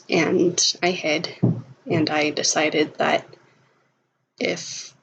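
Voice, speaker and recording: A woman voicing a gentle young male toon creature in a tabletop game, speaking softly and earnestly. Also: low-pitched, vocal fry, a little hiss or hum, exaggerated voice. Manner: soft, earnest, confiding. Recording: lo-fi recording.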